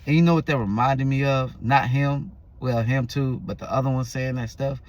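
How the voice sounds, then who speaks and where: A man's voice: medium pitch, steady tone, moderate pace. A man vlogging, telling a story in a loose, rambling casual way with restarts and fillers.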